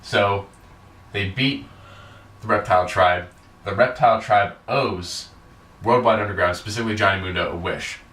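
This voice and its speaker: A man's voice: on the low side, moderate pace, long pauses, a bit bright. A man hosting a podcast, casually recapping a wrestling show in a rambling way, full of fillers and swearing. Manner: rambling, filler-heavy, profane. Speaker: podcast host. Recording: echoey room, distant mic.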